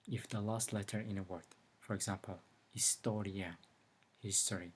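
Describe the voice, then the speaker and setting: Husky man teaching a language lesson. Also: on the low side. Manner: slow, careful explanations with example words.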